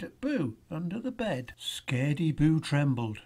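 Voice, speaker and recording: A storybook reader narrating a children's picture book aloud in a warm, expressive way. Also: mid-range voice, measured pace, hardly any pauses, husky. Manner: expressive, lingering.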